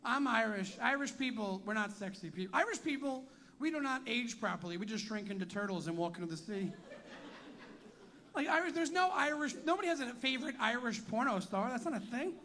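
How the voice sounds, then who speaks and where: A man's voice: very high-pitched, expressive, fairly quick, sharp tone, slight background noise. A man doing profane stand-up crowd work, teasing audience members in a tent venue. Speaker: stand-up comedian.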